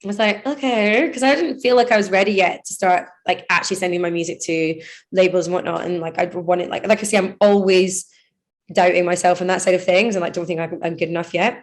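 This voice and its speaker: A woman's voice: fairly low pitch, fairly even intonation, quick pace. A woman DJ and producer in her thirties, chatting loosely in an interview, rambling and laughing often. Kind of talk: casual interview chat.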